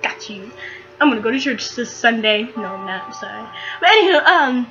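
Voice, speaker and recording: Excitable rambling teen girl storyteller. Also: a little high, brisk, lo-fi sound, music in the background. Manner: rambling, excitable, lots of fillers. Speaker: vlogger. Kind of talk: casual storytelling vlog.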